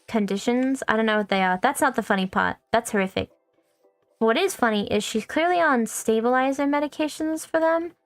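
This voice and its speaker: Swearing freely and mocking herself, a young VTuber rambles casually while streaming a video game. Her voice is a little high, the recording has no room sound, and faint music runs in the background.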